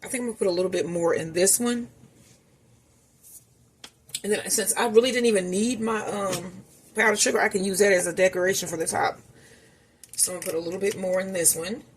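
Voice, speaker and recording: Cooking in her home kitchen, a woman vlogger chats casually with viewers she calls y'all, narrating as she goes. Her medium-pitched voice has fairly even intonation, runs a little fast, and pauses often. There's a little hiss or hum.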